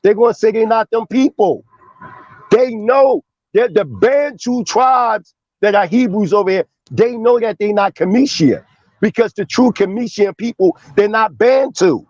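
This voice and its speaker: A man's voice: high-pitched, a little slow, a little mellow, no echo, muffled recording. A man making his case in a heated online debate, confrontational and emphatic, with frequent swearing.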